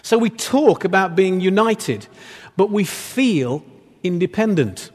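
A man's voice: sits high, sing-song, takes it slowly. A man preaching a sermon in a conversational, playful way, with asides and jokes to the congregation. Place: church hall. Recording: long reverb of a church hall.

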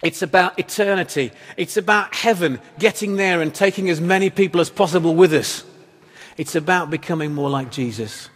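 A man's voice: high voice, moderate pace, breathy edge. A man preaching a sermon as pastor, in a conversational, wry style full of rhetorical questions. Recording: echoey hall reverb.

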